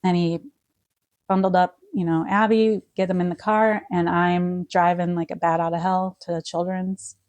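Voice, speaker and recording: Soft-spoken woman telling a painful story. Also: lowish voice, flat delivery, normal speed, dry recording. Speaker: guest. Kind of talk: personal storytelling interview.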